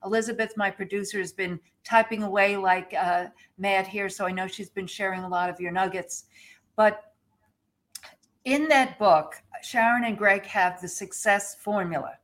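A woman's voice: mid-range voice, steady tone, moderate pace. Lady interviewer, keen and upbeat, sets up the guest's question. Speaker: host. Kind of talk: interview podcast.

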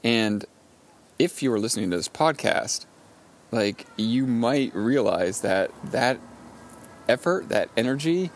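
A man hosting a podcast, talking through ideas with a client example and an everyday analogy in a slow, thoughtful monologue. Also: mid-range voice, expressive, slight background noise. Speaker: podcast host and coach.

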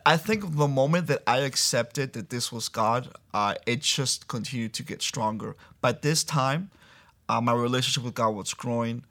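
A young man sharing a personal faith testimony as an interview guest, earnest and storytelling, acting out the voices he quotes and laughing softly now and then. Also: medium pitch, moderate pace.

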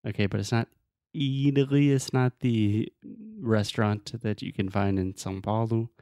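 A man's voice: on the low side, fairly even intonation, normal speed, warm tone, no room sound, studio quality. A man co-hosting a podcast as an English teacher, patiently explaining words and drilling pronunciation in casual chat.

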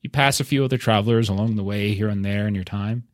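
A man narrating a tabletop game as game master, relaxed and halting, with frequent fillers. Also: lowish voice, no echo, clean studio sound.

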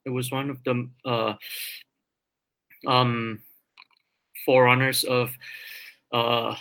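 A man's voice: medium pitch, flat delivery, slow, fairly bright tone, rough recording. A man being interviewed as a guest scholar, talking hesitantly with many ums and repeated words. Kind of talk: interview discussion.

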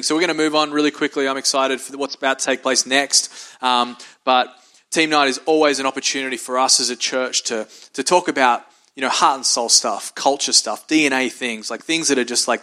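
A man's voice: mid-range voice, bright, forceful tone. A man acting as pastor, giving upbeat, effusive announcements at a church service. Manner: upbeat and effusive, hyping the congregation. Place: church service in a large room.

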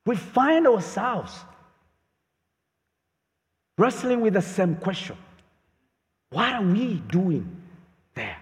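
A male pastor with a high voice preaches slowly and deliberately, with marked emphasis. His words ring with the long reverb of a large hall. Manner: lively preaching, voicing God's questions with rising emphasis. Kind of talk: sermon.

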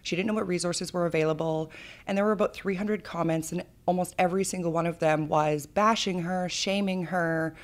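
Ernste Frau mit tiefer Stimme, kanadischer Akzent. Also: female voice, lowish voice, fairly quick. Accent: Canadian. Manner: earnest, animated storyteller with fillers. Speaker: charity founder, interview guest. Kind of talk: emotional podcast storytelling.

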